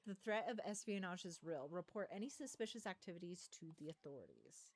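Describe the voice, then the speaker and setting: A woman giving chatty let's play commentary, thinking aloud with excitable little exclamations. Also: medium pitch, brisk. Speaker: gaming streamer.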